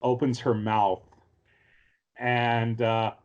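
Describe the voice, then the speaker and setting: A man's voice: mid-range voice, little pitch movement, very slow, lo-fi sound. A man on a casual podcast recapping an anime episode in a rambling way, full of ums and restarts. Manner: rambling, filler-heavy storytelling with many restarts. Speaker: podcast co-host.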